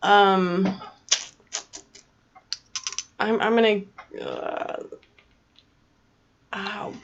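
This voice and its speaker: A Texan woman speaks slowly and casually on a live stream, thinking aloud as she guesses. Her voice sits at an ordinary pitch. The audio is muffled and lo-fi. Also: fairly even intonation, a little hiss or hum. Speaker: livestream co-host reading chat. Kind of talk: casual chat.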